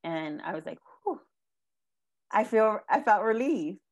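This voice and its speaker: A young woman giving an emotional personal testimony in an interview, halting and earnest, near tears, with many ums and likes. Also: medium pitch, big pitch swings, highs cut off. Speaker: guest sharing her life story.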